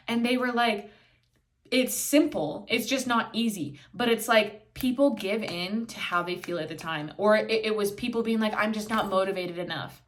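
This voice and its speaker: A woman's voice: mid-range voice, fairly bright tone. A young woman hosting a solo podcast, talking candidly and bluntly, swearing freely and acting out quoted voices, filming herself indoors. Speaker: podcast host.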